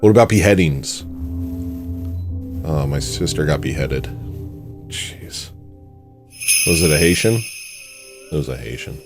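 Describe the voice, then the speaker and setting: A man hosting a comedy livestream, rambling and self-mocking as he swings between mock panic and low mumbles. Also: lively intonation, a little slow, long pauses, over music. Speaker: livestream host. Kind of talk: casual comedic livestream chat.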